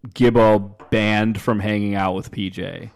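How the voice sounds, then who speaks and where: A man co-hosting a podcast, telling stories in fast, swearing casual chat. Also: on the low side, flat delivery, gravelly, smooth. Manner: fast, profane storytelling. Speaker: podcast co-host.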